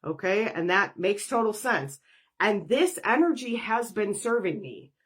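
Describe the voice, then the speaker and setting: A woman's voice: medium pitch, expressive, a little slow, fairly bright tone, breathy edge. A woman, a professional energy worker, talking through a spiritual podcast monologue in a conversational way, acting out inner dialogues.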